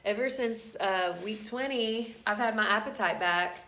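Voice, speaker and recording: A woman's voice: medium pitch, normal speed, hardly any pauses, bright, forceful tone. A woman vlogger casually telling a candid, emotional personal story to camera. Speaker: vlogger sharing a pregnancy update. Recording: roomy echo.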